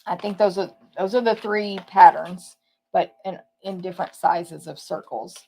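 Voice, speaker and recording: On a relaxed live walkthrough of papercraft products, a woman chats, muses aloud, and corrects herself as she goes. Her voice is on the low side, creaky and a little mellow, at a normal pace.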